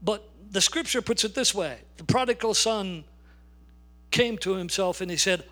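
An older man delivers a sermon from the pulpit, pressing his points with emphatic, drawn-out stresses. His voice sits notably high for a man. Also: bright, forceful tone. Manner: emphatic, slows and stresses key words. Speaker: pastor.

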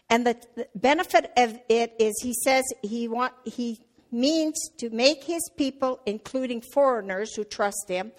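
Middle-aged woman preaching, slightly high voice, chatty delivery with fillers, gets loud in stories. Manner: conversational, with fillers and restarts; gets loud and animated telling a family story. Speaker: church speaker. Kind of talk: sermon.

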